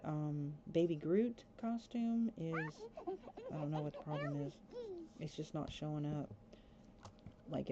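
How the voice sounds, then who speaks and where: A woman streaming a life-sim game, chatting casually and breaking into excited squeals. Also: low voice. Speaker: gaming streamer. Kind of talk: casual gameplay commentary. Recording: slightly dull sound with faint background hiss.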